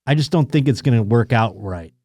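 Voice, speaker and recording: A man's voice: mid-range voice, expressive, fairly quick, a little mellow, no echo, clean studio sound. A man hosting a comedy podcast, reading news stories aloud and riffing on them with crude, sarcastic jokes. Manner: crude, sarcastic riffing between read-out articles. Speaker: podcast host.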